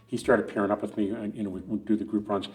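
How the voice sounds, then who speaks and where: Fast-talking middle-aged man telling stories. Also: lowish voice, fairly even intonation, a little mellow, faint music behind. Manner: rambling, many restarts and asides. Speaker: podcast guest, runner. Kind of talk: casual storytelling interview.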